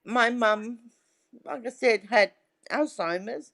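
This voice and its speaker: Speaking slowly in a fairly high, fairly bright voice, a middle-aged woman guests on a casual interview. She's a chatty storyteller who keeps asking "right?"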